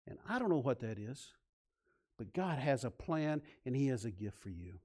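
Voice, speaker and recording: Preaching at normal speed in a medium-pitched, sing-song voice, a male pastor shifts from booming emphasis to hushed softness. He draws the congregation into call-and-response and slips in jokes at his own expense.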